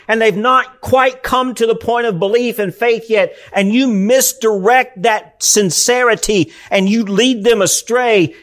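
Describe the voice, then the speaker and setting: Pastor, male, high voice, earnest sermon delivery with frequent restarts. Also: fairly bright tone. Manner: earnest preaching, frequent "I mean" fillers and restarts.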